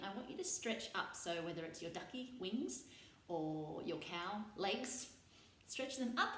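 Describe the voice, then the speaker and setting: A woman with a medium-pitched voice hosts a children's playtime session, leading stretches and farm animal sounds in a playful, sing-song way. The recording has a roomy echo and a little hiss or hum.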